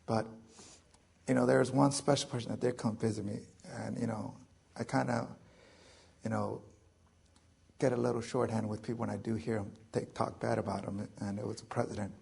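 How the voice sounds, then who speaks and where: A man in his forties with a deeply gravelly, rough-edged voice tells his own story to a crowd. He sits a little low in pitch and speaks loosely, cracking jokes and leaning on fillers between thoughts. The delivery feels like candid storytelling rather than a prepared speech. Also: fairly even intonation, a little fast, long pauses, a little mellow. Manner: joking, loose, heavy with fillers. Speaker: veteran speaker. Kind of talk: storytelling talk to an audience.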